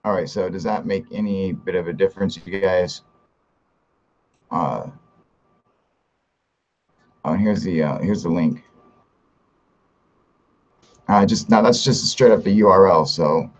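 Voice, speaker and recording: A man's voice: low-pitched, a little slow, pauses often, highs cut off. A man hosting a live stream in casual chat, talking loosely and profanely, chuckling often and greeting viewers by name. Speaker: livestream host.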